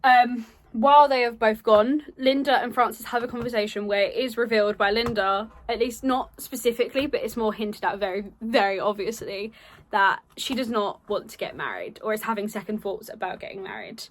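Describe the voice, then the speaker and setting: A young drama student casually presents her project, her voice on the high side and brisk. She's chatty, tossing in playful asides and lots of ums.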